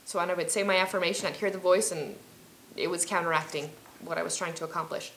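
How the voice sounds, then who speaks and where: A woman's voice: lowish voice, steady tone, fast talker, a bit bright, reverberant, slight background noise. A woman hosting an instructional self-help video, talking in a friendly, chatty way with fillers and restarts. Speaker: healing coach and video host.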